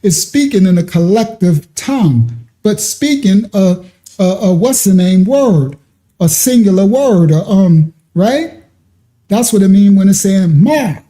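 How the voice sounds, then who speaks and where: High-voiced preacher man, dark tone. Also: lively intonation, unhurried. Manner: emphatic, conversational, repeats and restarts. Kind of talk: Bible study sermon.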